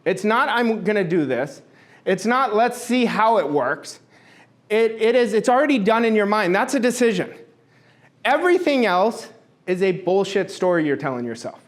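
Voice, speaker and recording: Emphatic high-voiced male coach. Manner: emphatic, repeats key phrases. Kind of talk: motivational talk.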